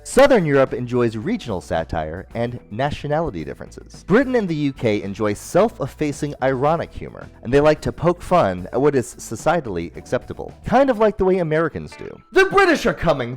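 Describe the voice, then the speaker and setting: A man delivering a scripted comedy monologue, deadpan jokes between quick silly voices. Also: medium pitch. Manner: deadpan jokey delivery with sudden character voices. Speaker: comedy host.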